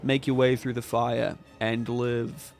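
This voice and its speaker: A man's voice: mid-range voice, little pitch movement, slow, vocal fry, soft background music. A man voicing a proud, defiant king who gives solemn commands.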